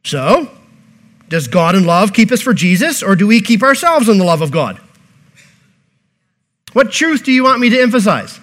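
High-voiced earnest male preacher. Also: very animated, moderate pace, long pauses, fairly bright tone. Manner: earnest, repeats phrases and poses rhetorical questions to the congregation. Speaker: pastor. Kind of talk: sermon.

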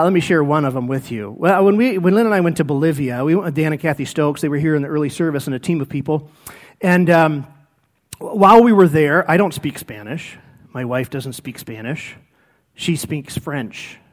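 Animated high-voiced male pastor. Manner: animated storytelling, acts out quoted speech. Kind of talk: sermon with personal stories.

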